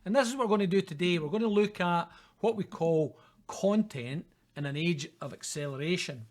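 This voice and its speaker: A man's voice: high-pitched, moderate pace. A middle-aged man with a Scottish accent giving a recorded university lecture in a chatty, informal way, often checking in with "okay?" and "guys".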